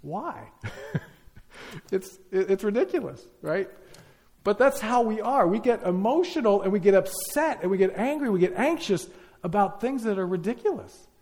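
A man's voice: sits high, animated, moderate pace, darkish tone. A man preaching a sermon, emphatic, piling up lists and rhetorical questions.

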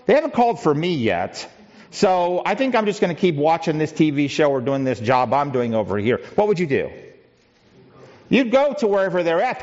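A man's voice: fairly high pitch, dull audio. Man preaching a conversational sermon. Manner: conversational teaching with rhetorical questions; frequent restarts and filler words. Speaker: pastor.

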